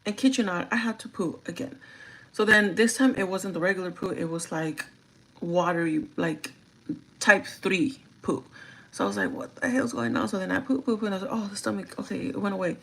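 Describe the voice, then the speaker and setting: A young adult woman livestreaming her makeup routine, telling a story in a chatty, profane, animated way. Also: medium pitch, brisk, vocal fry, rough recording. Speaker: livestreaming beauty vlogger. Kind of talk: casual storytelling while doing makeup.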